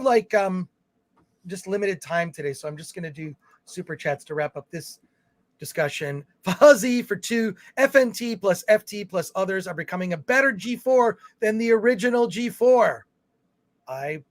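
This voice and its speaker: High-voiced man reading viewer comments. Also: expressive, moderate pace, no echo. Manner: chatty, reads comments aloud with fillers and restarts. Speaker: film review show co-host. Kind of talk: casual livestream chat reading viewer comments.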